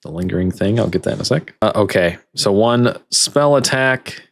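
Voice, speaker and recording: A male game master with a lowish voice talks players through rules at an easy pace, dropping in fillers as he goes. The sound is close and dry, with no room around it. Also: moderate pace, dry recording. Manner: relaxed, affable rules explanations with fillers. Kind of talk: running a tabletop game online.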